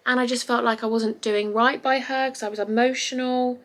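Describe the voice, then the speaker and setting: A woman's voice: fairly high pitch, fairly even intonation, normal speed, a bit bright. A young woman talking candidly and emotionally to a phone camera at home, rambling with restarts. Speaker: vlogger. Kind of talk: casual confessional vlog. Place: bedroom at home.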